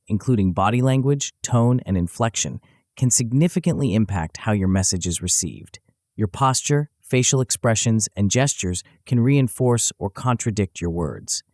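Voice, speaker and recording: A man narrating a self-help audiobook in a measured, instructional way, close to the mic. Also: lowish voice, no room sound. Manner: even, measured instructional delivery.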